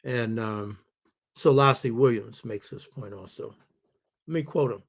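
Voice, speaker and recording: A man's voice: medium pitch, measured pace. A man hosting and lecturing on history and culture, emphatic and preacherly, stressing his points by repeating them and throwing rhetorical questions at the listener. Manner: repeats key phrases for stress. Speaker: host and lecturer.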